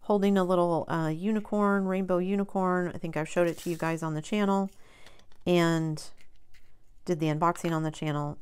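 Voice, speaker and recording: Speaking in a low, clear, resonant voice, the host of a crafting channel talks in a loose, chatty way. She wanders through her thoughts, often saying um and correcting herself.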